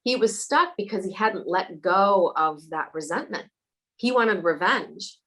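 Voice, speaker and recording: A woman guest, a psychic medium, telling stories in a casual interview, animated and laughing often, acting out the voices of the people in her tales. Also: medium pitch, a little slow, rough recording.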